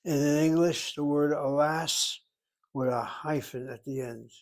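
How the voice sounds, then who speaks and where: A man's voice: fairly high pitch, steady tone, unhurried. A man teaching a Hebrew lesson, explaining grammar step by step and thinking aloud as he goes. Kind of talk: informal language lesson.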